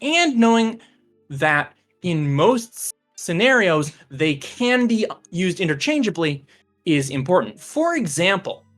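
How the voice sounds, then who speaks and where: Brief: mid-pitched teacher on a voice call, patient and explanatory, fillers like "uh", music faint behind. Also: very animated, a little slow, a bit bright. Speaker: computer science teacher. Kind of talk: casual explanation on a stream.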